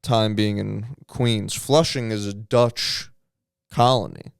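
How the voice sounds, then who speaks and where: A man co-hosting a podcast, talking in fast, crude, argumentative banter. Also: fairly low pitch, steady tone, gravelly, smooth, dry recording, clean studio sound. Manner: rapid, argumentative, crude joking. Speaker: podcast co-host.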